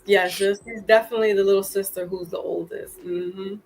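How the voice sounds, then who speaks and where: A woman's voice: medium pitch, steady tone, brisk, darkish tone, poor audio. A woman hosting a casual live chat, with a New York accent and a laid-back, trailing way of talking. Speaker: host.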